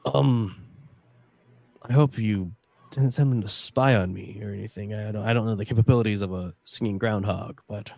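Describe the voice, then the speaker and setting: A man doing a wry, gravelly ex-agent sheriff. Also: lowish voice, darkish tone, dry recording. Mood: reassuring.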